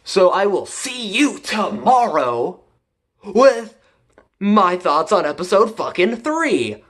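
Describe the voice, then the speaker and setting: A man recaps an episode in a loose, rambling way, swearing freely and breaking into laughs. His voice sits a little higher than most men's. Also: sing-song, takes it slowly, fairly bright tone. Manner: rambling, profane, laughs often. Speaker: anime reviewer. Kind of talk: casual profane recap.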